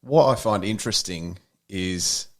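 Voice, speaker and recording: A man's voice: on the low side, unhurried. A man, a podcast co-host telling a story in casual chat. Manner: animated anecdote teller, mate-ish banter.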